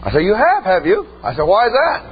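A man's voice: high-pitched, huge pitch swings, brisk, highs cut off, slight background noise. A male pastor preaching a storytelling sermon in a church, folksy and punctuating with amen. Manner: folksy, exclaims amen often, laughs at own stories.

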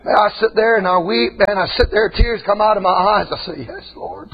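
A man preaching an impassioned sermon in a church, often breaking into shouts. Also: high voice, steady tone, a little fast, breathy edge. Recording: dull lo-fi recording.

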